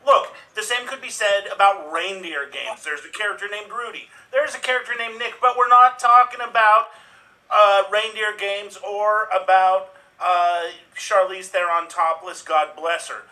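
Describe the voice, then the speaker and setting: A man panelist in an improv debate, delivering deadpan jokes one after another. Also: high-pitched, a little slow. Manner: deadpan, punchline-driven. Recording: distant mic.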